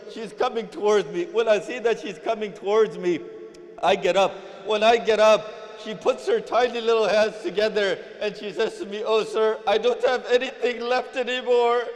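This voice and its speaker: A man's voice: high voice, fairly even intonation, normal speed. A man preacher giving an impassioned mourning sermon, telling a story and swelling into chanted cries, recorded in a mosque hall. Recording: reverberant hall.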